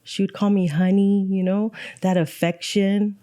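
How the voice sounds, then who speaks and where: A woman in her forties tells her story as a podcast guest, frank and wry in her delivery. Her voice sounds dark and mellow. The sound is dry and close. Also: mid-range voice, level tone, measured pace, no room sound. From El Monte, California. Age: 40s. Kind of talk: candid personal story.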